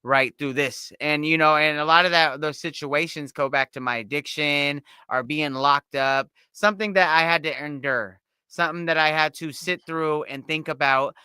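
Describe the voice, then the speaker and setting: A man's voice: on the high side, normal speed, hardly any pauses, sharp tone, clear, resonant tone, no echo. A man co-hosting a casual recovery talk, upbeat and reflective, often tagging thoughts with "right?". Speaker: musician and podcast co-host.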